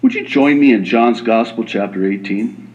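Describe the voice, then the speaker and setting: A man preaching a sermon as a pastor, animated and slipping into quoted voices. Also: medium pitch, normal speed, muffled recording.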